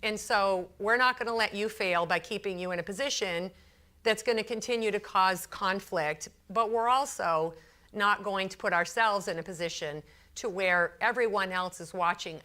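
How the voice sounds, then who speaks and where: A woman speaks to a business crowd with a bright, sharp voice. She tells her workplace story in a lively, chatty way and acts out the people in it. Her talk is loose and full of fillers. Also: medium pitch. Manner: frequent fillers and repeated phrases. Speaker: consultant giving a talk. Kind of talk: storytelling speech to a business audience.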